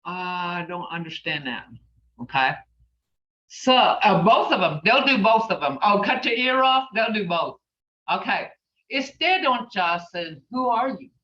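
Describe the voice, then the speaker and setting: A woman's voice: medium pitch, lively intonation, a little slow, sharp tone, far from the mic. A woman teaching a language class, patiently repeating phrases as she explains them. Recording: muffled, roomy, from off mic.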